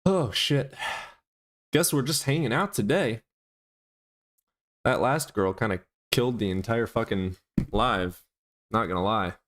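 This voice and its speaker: Man, live streamer, casual chat, teasing, crude, lots of swearing, somewhat low voice. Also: measured pace, long pauses, a bit bright.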